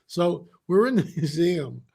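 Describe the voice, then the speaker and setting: Higher-pitched man telling a story. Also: unhurried, gravelly, husky. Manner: animated, re-enacts dialogue, frequent restarts. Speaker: guest. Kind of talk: casual interview storytelling.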